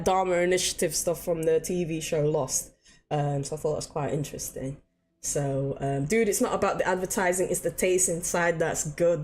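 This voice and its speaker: A woman's voice: fairly low pitch, a little mellow. A young woman chatting casually to her live-stream viewers, swearing freely and laughing easily. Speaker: game streamer.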